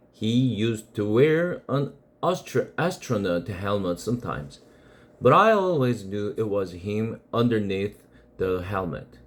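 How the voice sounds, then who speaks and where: A man from South Korea, an English teacher, reading a children's novel aloud in a slow, expressive way. He takes his time, and his pitch rises and falls a great deal.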